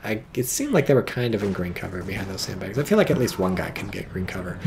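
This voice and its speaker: Male game commentator, gravelly fry, lively pitch swings, excitable, casual swearing, noisy recording. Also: fast talker. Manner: excitable, swears freely, frequent "oh boy" exclamations.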